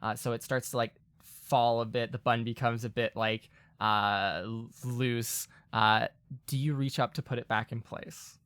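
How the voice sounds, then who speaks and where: A man's voice: mid-range voice, steady tone, a little slow, fairly bright tone, clear, resonant tone, dry recording, clean studio sound. A man playing a tabletop role-play game, chatting casually with many fillers and restarts. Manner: rambling, lots of fillers and laughter.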